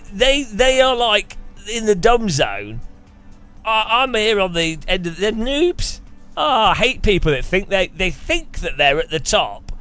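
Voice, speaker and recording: A man's voice: high-pitched, fairly bright tone. A man streaming a racing sim, chatting casually and ranting with frequent laughter. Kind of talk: casual live-stream chat.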